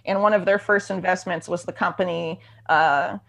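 A woman chatting on a podcast, talking quickly and loosely with lots of fillers, restarts and slang. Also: on the low side, fairly even intonation, creaky, a bit bright. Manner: rapid, loose talk with many fillers and restarts. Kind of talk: casual conversation.

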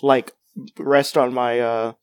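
A man's voice: mid-range voice, level tone, takes it slowly, no room sound. A young man in casual podcast chat, rambling and playful as he spins odd hypothetical stories.

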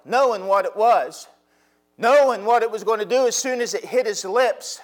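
A man, a pastor, preaching a sermon with drawn-out, swelling emphatic phrases. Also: high-pitched.

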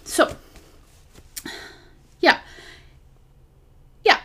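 Podcast host, woman, casual and animated faith talk, drifts off topic, phone memo sound. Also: drawn-out words. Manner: rambling and animated, drifting off topic, lots of fillers.

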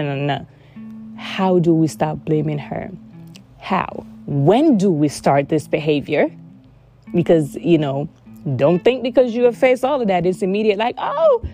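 Woman with a lowish mellow voice talking from the heart, keeps repeating herself for emphasis, faint music behind. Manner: earnest, repeats words for emphasis. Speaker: vlogger sharing personal experience. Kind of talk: heartfelt casual monologue.

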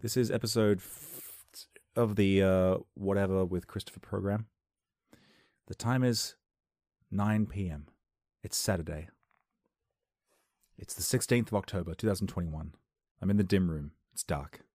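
A man's voice: sits low, steady tone, measured pace, pauses often, darkish tone, dry recording, studio quality. A young man hosting a casual solo podcast from a dim room at home, rambling playfully and laughing at his own jokes. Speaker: podcast host.

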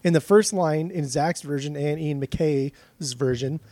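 A man's voice: fairly high pitch, unhurried, mellow, no echo. Blunt arguing man, dry sound. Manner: blunt, argumentative. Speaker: podcast co-host. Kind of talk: casual music discussion.

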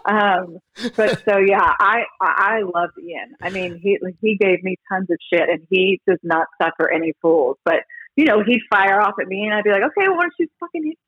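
A woman who reports on baseball broadcasts, chatting in an interview as an animated storyteller who restarts her sentences a lot. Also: medium pitch, normal speed, breathy edge, no echo, phone-quality sound. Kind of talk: casual interview talk.

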